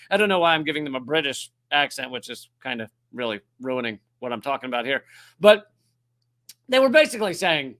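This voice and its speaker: A man's voice: medium pitch, sing-song, fairly quick, fairly bright tone. A man hosting a comedic news commentary show, ranting sarcastically and swearing often. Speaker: host.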